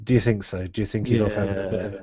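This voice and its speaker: A man's voice: on the low side, fairly even intonation, racing, warm tone, dry recording. A man hosting a live podcast, rambling casually and laughing often. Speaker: podcast host. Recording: dull lo-fi live stream audio.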